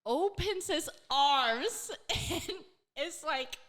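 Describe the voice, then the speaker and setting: Young woman, podcast co-host, bright voice, slightly high, lively casual storytelling, loads of fillers, swears freely. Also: very slow.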